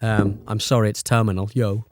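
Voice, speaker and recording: A man's voice: fairly high pitch, lively intonation, brisk. A man co-hosting a podcast, joking around, laughing often and riffing on absurd examples. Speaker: podcast co-host. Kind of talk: casual chat.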